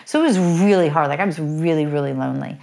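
A middle-aged woman telling her life story as an interview guest, chatty and quick, with lots of "like" fillers. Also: low voice, gravelly, mellow. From United States. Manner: chatty, fast, full of "like" fillers. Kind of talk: candid personal storytelling.

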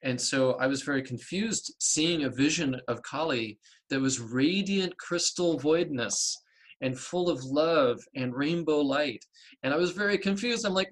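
Middle-aged male guest, lively storyteller, voices the dialogue he recounts, rises high when excited. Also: brisk. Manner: animated storyteller, acts out dialogue with big pitch jumps. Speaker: guest, artist and spiritual practitioner. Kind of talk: storytelling interview talk.

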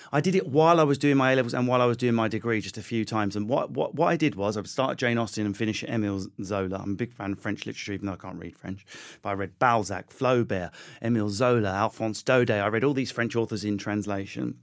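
Male comedian guest, low-pitched, rapid, animated storyteller. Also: creaky. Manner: rapid, animated, self-deprecating, many restarts. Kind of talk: conversational interview storytelling.

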